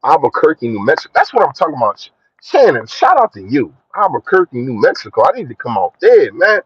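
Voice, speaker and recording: A man's voice: fast talker, husky, no echo. Young philly man, casual live-stream sports chat, slangy, dry dull lo-fi sound. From Philadelphia. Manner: slangy, shouts out viewers, lively swings in pitch. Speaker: sports vlogger. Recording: dry, dull lo-fi phone audio.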